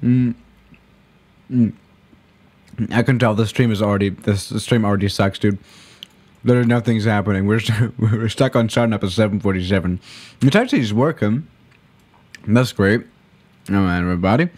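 A man's voice: fairly low pitch, moderate pace, long pauses, a little mellow. A man chatting casually on a live stream while playing a flight simulator, rambling and correcting himself as he goes. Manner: rambling, self-correcting, laid-back.

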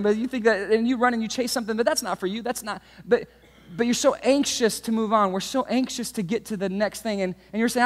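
Pastor, male, 30s, animated storyteller, high voice, big reverberant room. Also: fast talker. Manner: animated storytelling, swings from hushed to shouting. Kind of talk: sermon. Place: church auditorium. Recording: long hall reverb.

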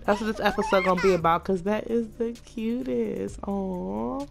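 A woman chatting casually through a life-sim game, gushing over her characters and voicing them in quick asides. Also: mid-range voice, gravelly, over music. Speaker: Sims let's play narrator. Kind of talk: casual gameplay commentary.

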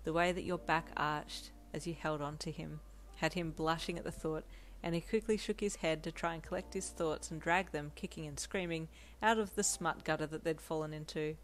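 Low-voiced woman narrating a story. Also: fairly even intonation, normal speed, a little hiss or hum. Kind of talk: second-person fan audio story narration. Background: soft lo-fi piano backing music.

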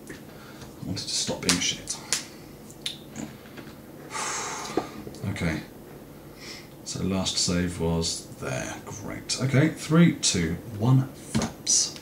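A man narrating his game in a swearing, self-mocking and jumpy way. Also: sits low. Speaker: gaming video host. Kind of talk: let's-play commentary. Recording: roomy, distant mic, loud game noise.

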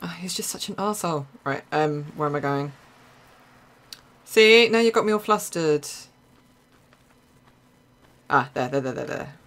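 A young woman with an Essex accent, chatting casually through live gameplay commentary with quick exclamations and frequent laughs. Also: deep voice, lively intonation, a bit bright. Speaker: streamer.

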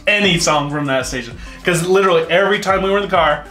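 A man's voice: high voice, fast talker, bright, forceful tone. A man from the United States telling a long, rambling story with laughs as a guest on an interview show. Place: indoor set, eating spicy wings. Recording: roomy room with faint music.

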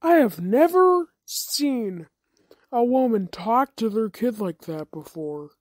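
A child voicing a gruff old man neighbor in a homemade comedy skit, speaking slowly in a low put-on voice. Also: big pitch swings, no room sound, studio quality.

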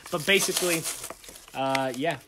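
A young man hosting a podcast, telling jokey, animated stories in casual chat. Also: a little high, moderate pace, background noise. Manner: animated, joking storyteller. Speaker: podcast host.

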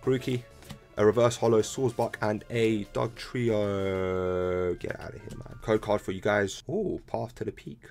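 A young man, chatting casually to viewers while opening trading cards, excitable and full of slang. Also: on the low side, measured pace, soft background music. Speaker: card-opening video host. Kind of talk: casual card-opening commentary. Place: room at home. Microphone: laptop camera.

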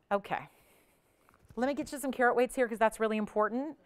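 A woman hosting a live shopping channel, giving an upbeat, persuasive sales pitch straight to the viewers. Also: fairly even intonation, a little fast, a bit bright, clean tone.

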